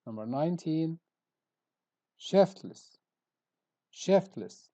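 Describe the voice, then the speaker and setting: A man's voice: a little high, expressive, extremely slow, dark tone. A middle-aged man teaching English vocabulary, carefully repeating each word to show the stressed syllable. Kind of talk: pronunciation lesson. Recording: dull lo-fi recording.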